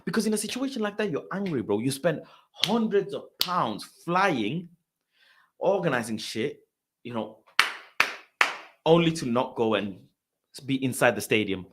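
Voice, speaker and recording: A young man, a host telling a story in casual, slang-heavy talk that swings between loud exasperation and low grumbling. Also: sing-song, a little slow, pauses often, noisy background.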